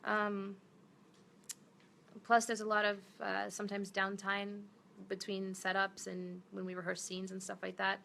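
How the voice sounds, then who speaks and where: A chatty woman in her thirties answers fan comments in a relaxed live stream. Her voice is bright and a bit tense, with a gravelly fry, and she drifts between English and Portuguese as she talks. There is faint noise behind her. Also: medium pitch, measured pace. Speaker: actress.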